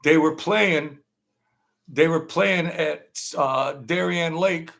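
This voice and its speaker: A man hosting his own channel, telling a long casual story in a rambling, halting way, full of fillers and restarts. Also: a little high, gravelly, fairly bright tone. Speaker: channel host telling stories.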